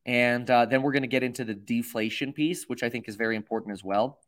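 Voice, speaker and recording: A man's voice: mid-range voice, fast talker. A man hosting a livestream, rambling and self-mocking with lots of fillers. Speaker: host. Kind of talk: livestream commentary.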